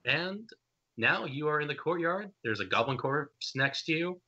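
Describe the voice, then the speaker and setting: Bright-voiced young man running a game. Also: a little high, expressive, moderate pace. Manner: loose and hesitant, many fillers. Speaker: game master. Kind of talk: casual tabletop game narration. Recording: dull lo-fi stream audio.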